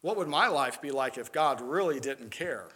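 A man's voice: medium pitch, animated, normal speed, fairly bright tone, slightly rough. A man preaching a sermon as pastor, earnest and building to emphatic peaks.

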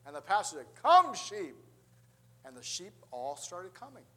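Male preacher, slightly high voice, storytelling sermon with acted-out quotes. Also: animated, fairly quick, fairly bright tone.

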